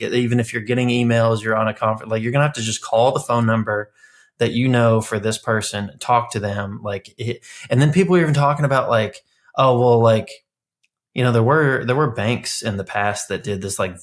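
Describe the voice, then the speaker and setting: A man hosting a tech podcast, talking in an animated, casual way and swearing freely. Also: medium pitch. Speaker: podcast host. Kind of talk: casual chat.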